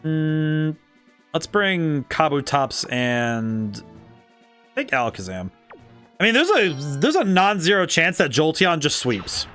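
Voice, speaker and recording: Excitable man streaming a game, music behind. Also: on the high side, slow. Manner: excitable, laughs often, thinks aloud. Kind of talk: casual live-stream commentary.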